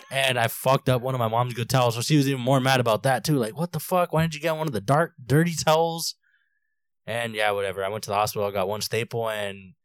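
A man's voice: mid-range voice, a bit bright, no echo, studio quality. A man in his twenties, a podcast co-host telling a long story in casual chat, rambling, laughing often and swearing freely.

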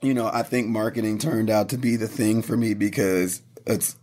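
A man who manages a brand, chatting casually and telling stories with lively quoted voices. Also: on the low side, normal speed. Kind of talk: casual chat.

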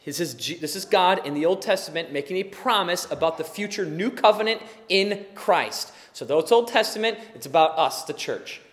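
A man preaching a sermon as pastor, impassioned and building to emphatic, forceful delivery. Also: high-pitched, animated, moderate pace, few pauses, long reverb tail.

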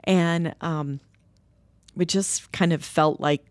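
A woman's voice: low voice, slow pace, no room sound. A woman co-founder of a nursery, earnestly telling a story in an interview and animating the voices of people she quotes. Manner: earnest, animated when quoting others.

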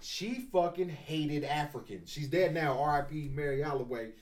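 A man co-hosting a podcast, chatting casually and telling stories with animated impressions of people. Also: a little high, moderate pace. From California. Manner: storytelling, animated, mimics others. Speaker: podcast co-host. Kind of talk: casual chat. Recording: roomy echo, voice from a distance.

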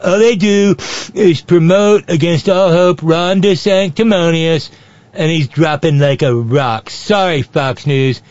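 A man's voice: fairly high pitch, expressive, moderate pace, no echo, pitched above the performer's own voice. A man reading out the posts of a boastful male politician in a bragging, rambling put-on voice. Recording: dry, dull lo-fi sound.

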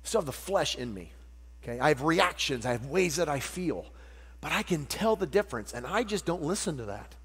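A man preaching a sermon, animated and jokey, acting out little voices as he teaches. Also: on the high side, a little fast, breathy edge. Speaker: pastor. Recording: long hall reverb with mains hum.

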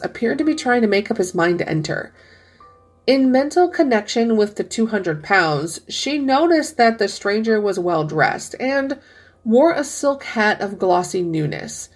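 A woman narrates a classic short story at a steady, even pace. Her voice sits in a middle register and has a soft, breathy edge. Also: medium pitch.

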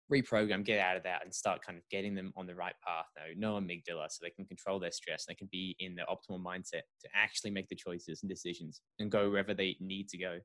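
A male podcast host asking questions in a relaxed way, hedging with "kind of". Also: low-pitched, dry recording. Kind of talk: interview questions.

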